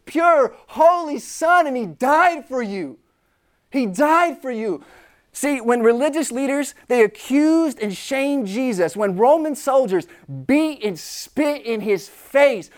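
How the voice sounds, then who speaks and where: A youth preacher giving an impassioned sermon straight to students, repeating key phrases and asking questions. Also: high-pitched. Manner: talks directly to the listeners, with questions.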